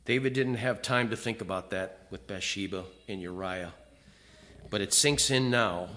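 A male pastor preaching a sermon, reading scripture with feeling and swinging between loud emphatic lines and quiet, hushed confessions. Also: lowish voice, normal speed. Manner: reads scripture aloud with feeling.

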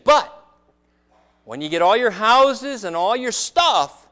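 A man's voice: high-pitched, sing-song, very slow, long pauses, pushed and bright. A man preaching a sermon as pastor, asking rhetorical questions and stressing words dramatically. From United States.

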